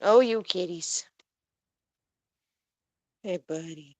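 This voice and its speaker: A young woman with a lowish voice talks casually to her pet vlog audience, rambling along with plenty of fillers. Her voice sits close and dry, with little room sound around it. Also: very slow, no room sound, low-quality recording. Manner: soft coaxing baby talk to a scared cat. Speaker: pet vlogger. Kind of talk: casual talk to camera.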